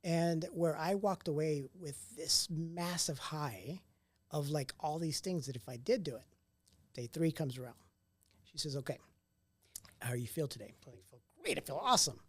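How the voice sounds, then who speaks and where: A man telling stories in an interview, casual and animated, acting out what others said to him. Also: a little high, moderate pace, no room sound. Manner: animated storyteller who acts out quoted dialogue; casual, occasional mild swearing. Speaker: entrepreneur guest. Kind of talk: conversational storytelling interview.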